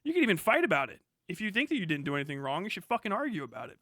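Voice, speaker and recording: A streamer on a live stream, ranting in a heated, profane, rapid-fire way. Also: male voice, high voice, wildly swooping pitch, fairly bright tone, dry recording, studio quality. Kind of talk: profane livestream rant.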